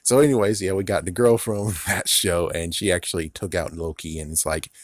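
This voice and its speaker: Low-voiced man rambling in a casual review. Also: fairly even intonation, a little fast, no room sound. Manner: rambling, profane, laughs often. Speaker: YouTube reviewer.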